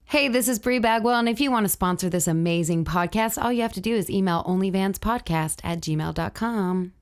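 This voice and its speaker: A woman hosting a podcast in casual chat, laughing often and telling animated stories. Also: medium pitch, fairly quick, smooth, no room sound. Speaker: podcast host.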